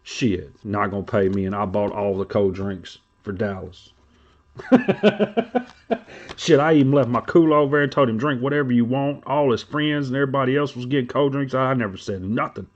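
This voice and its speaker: A man's voice: medium pitch, fairly even intonation, quick pace, few pauses, highs cut off. A man hosting a trading card stream, rambling and joking crudely in casual chat.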